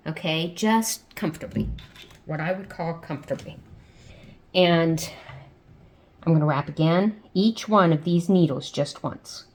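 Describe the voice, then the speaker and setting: A woman's voice: low voice, a little slow, pauses often. A woman teaching a hands-on craft step by step, patient and chatty, checking in with the viewer often. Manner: patient, repeats steps and checks in with frequent "okay?"; chatty and homey, with playful "ta-da". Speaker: crafter teaching sock machine knitting. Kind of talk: step-by-step tutorial.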